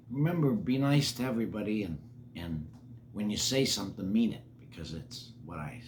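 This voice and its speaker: An older man reading a children's picture book aloud, animated and stopping to chat with the kids. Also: mid-range voice, slight background noise. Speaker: storybook reader for children.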